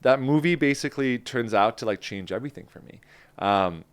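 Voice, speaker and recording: A man's voice: medium pitch, a little fast, smooth. A man from New Jersey, a guest in a casual interview, telling stories and acting out his past remarks, with many "like"s. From New Jersey, USA. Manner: animated, acts out his own past lines, many "like"s.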